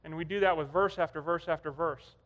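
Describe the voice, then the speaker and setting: A man's voice: on the high side, fairly even intonation, fairly quick, fairly bright tone, lo-fi sound. A man preaching a sermon, telling stories in a conversational way. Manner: conversational storytelling. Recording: long hall reverb.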